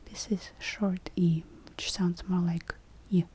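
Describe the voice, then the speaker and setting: A woman, teaching the alphabet in a soft whispered role-play, spelling letters slowly and deliberately. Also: lowish voice, little pitch movement, slightly rough. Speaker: language teacher.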